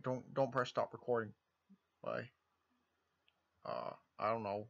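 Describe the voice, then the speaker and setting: A man's voice: medium pitch, very animated, slow, vocal fry, dull audio. A man talking casually and awkwardly in a homemade video, joking at his own expense. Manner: awkward, joking, self-conscious.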